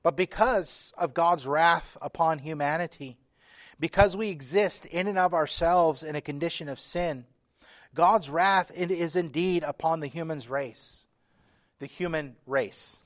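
Speaking unhurriedly in a voice on the high side, a man delivers a sermon as pastor. His preaching is earnest and emphatic, with scripture read aloud feelingly and repeated phrases that keep building emphasis.

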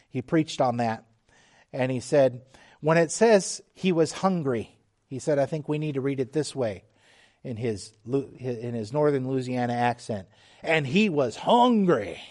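A middle-aged man preaching a sermon, slow and emphatic, dropping suddenly to quiet, hushed lines. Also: medium pitch. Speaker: pastor.

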